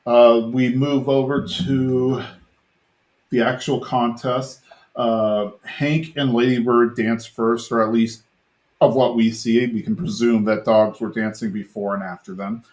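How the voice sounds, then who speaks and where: Podcast host, man, mid-pitched, rambling casual recap with lots of filler, dips into character lines. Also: level tone, unhurried, darkish tone. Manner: rambling retelling full of "like" fillers, lightly mimicking characters' lines.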